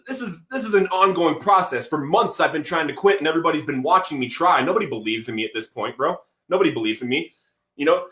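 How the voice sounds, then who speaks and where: A man with a slightly high voice tells his story as a podcast guest. He is animated and acts out what people said. He drops "bro" between phrases, and the room echoes around him. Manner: animated, acts out quotes, says "bro" often. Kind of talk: storytelling testimony.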